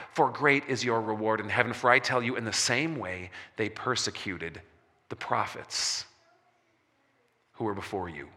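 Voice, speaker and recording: A man preaching a sermon as a pastor, slowing for emphasis and dropping soft on key words. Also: medium pitch. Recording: long reverb of a large hall.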